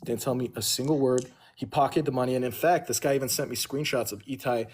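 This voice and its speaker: A man's voice: mid-range voice, fast talker, a little mellow, slightly rough. A young man telling a long personal story on a livestream, rambling and backtracking, acting out what others said.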